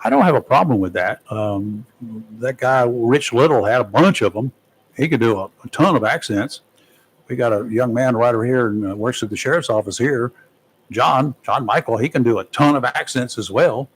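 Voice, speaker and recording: A man's voice: mid-range voice, moderate pace, breathy edge, rough recording. Guy hosting a local talk radio show, folksy and jokey, lots of uhs, studio mic. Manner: folksy and joking, with many fillers. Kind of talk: casual talk radio commentary.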